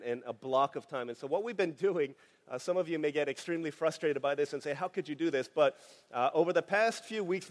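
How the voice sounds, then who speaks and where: A man preaching a sermon in a relaxed, conversational way, telling a family story with many fillers. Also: a little high. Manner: conversational, anecdotal, frequent fillers. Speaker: pastor. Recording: long hall reverb.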